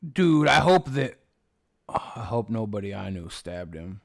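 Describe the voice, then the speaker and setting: A man's voice: lowish voice, very animated, measured pace, gravelly. A man hosting a livestream, chatting casually with his viewers in a rambling, profane, sarcastic way. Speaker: livestream host. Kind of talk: casual livestream chat reading viewer comments.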